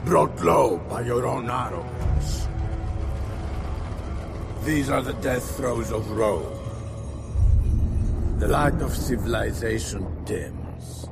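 An actor voicing a menacing warlord in a film trailer, slow and grandiose, building to shouted threats, over loud dramatic music. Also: male voice, medium pitch, creaky. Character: menacing warlord addressing an empire.

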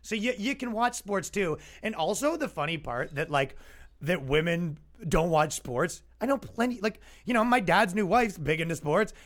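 Sarcastic high-voiced man ranting. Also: animated, moderate pace, a bit bright. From Canada. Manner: sarcastic, mocking, acts out imagined dialogue. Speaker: podcast host. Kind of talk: comedic rant.

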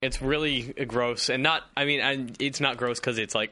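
A man co-hosting a casual podcast, joking and quick to riff on the others. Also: medium pitch, fairly even intonation, bright, forceful tone. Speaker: podcast co-host.

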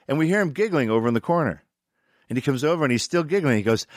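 A man's voice: medium pitch, fast talker, no echo, clean studio sound. An older man telling stories casually, acting out quotes and cursing freely. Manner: animated, acts out quotes, profane. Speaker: actor telling set stories. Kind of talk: casual storytelling chat.

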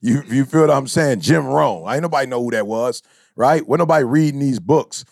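A man chats affirmingly on a podcast. His voice is husky and lively, moving a lot in pitch. The recording is dry and close. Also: brisk, no room sound. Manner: affirming, lots of agreeing fillers. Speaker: podcast co-host. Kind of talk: casual chat.

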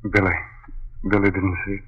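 A man's voice: low voice, monotone, fairly quick, lightly acted. A man playing an awestruck, shaken husband. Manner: hushed, awestruck, urgent. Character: shaken husband witnessing a ghostly scene. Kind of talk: 1930s radio drama acting. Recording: dull, faintly hissy old radio recording.

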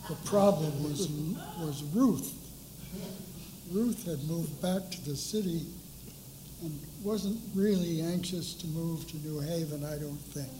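An older man on a discussion panel, telling a story in an unhurried, measured way. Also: a little high, a crowd in the background, poor audio. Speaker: panelist recalling hiring a colleague. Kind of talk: anecdotal storytelling. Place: panel discussion at an art school.

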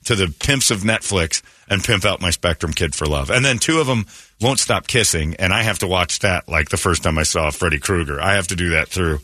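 Morning radio host, male, low bright voice, dry close mic, animated storyteller. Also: fairly quick, no echo. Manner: animated storyteller, acts out quotes in raised voices. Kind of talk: casual morning radio banter.

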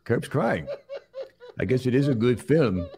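A man playing a middle-aged tough-guy movie star who rambles in halting, mumbled restarts on a comedy show. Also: mid-range voice, lively intonation, warm tone. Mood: rambling. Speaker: comedy sketch host. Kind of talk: improvised comedy impression.

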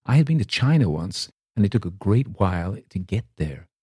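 Deep-voiced man reading a story. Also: sing-song, moderate pace, mellow, breathy edge, dry recording, clean studio sound. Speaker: story reader. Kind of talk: scripted narration.

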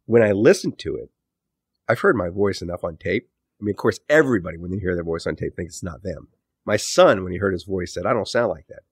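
Thoughtful low-voiced man, dry sound. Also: fast talker, husky, no room sound. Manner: thoughtful, rambling, frequent self-corrections. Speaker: author and podcast host, interview guest. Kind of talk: casual interview talk.

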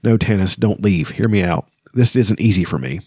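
A man reading the lines of a bitter, proud male elf lord aloud from a novel, in an even voice. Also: on the low side, normal speed, husky, no echo, clean studio sound. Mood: earnest. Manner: read aloud evenly from a novel.

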